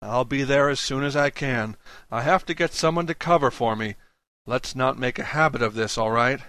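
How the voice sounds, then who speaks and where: A busy, curt doctor talks in a bright, firm and businesslike voice, as a male reader puts him on. The audiobook is recorded dry, with no room echo. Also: mid-range voice, moderate pace, lightly acted. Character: brusque, busy male doctor, mildly irritated. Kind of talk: audiobook dialogue reading.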